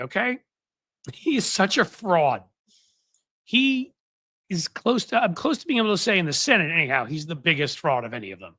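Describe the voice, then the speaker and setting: Guy rambling to his live chat, kinda high bright voice, dry close mic. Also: big pitch swings, fairly quick, no room sound. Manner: rambling, chatty, many fillers and restarts. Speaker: political commentary host. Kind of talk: casual live-stream chat. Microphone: desk microphone.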